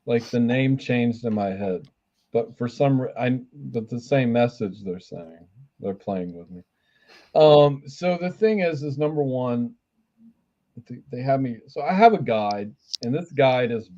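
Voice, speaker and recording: A man's voice: medium pitch, animated, unhurried, warm tone. Brief: male spiritual reader, blunt and profane, rambling delivery, muffled stream audio. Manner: blunt, swears casually, rambling restarts. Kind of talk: live spiritual reading.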